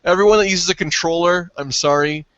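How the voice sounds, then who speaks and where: Excitable, foul-mouthed man with a high voice. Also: fairly quick, dry recording, dull audio. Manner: excitable, profane, shouts and yelps when excited. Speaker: podcast co-host. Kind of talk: casual gaming chat.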